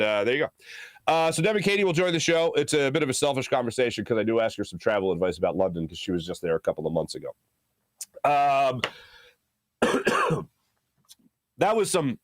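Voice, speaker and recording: A man's voice: mid-range voice, a bit bright, no room sound, studio quality. A man hosting a casual solo sports talk show, rambling along with lots of filler "uh"s and joking asides.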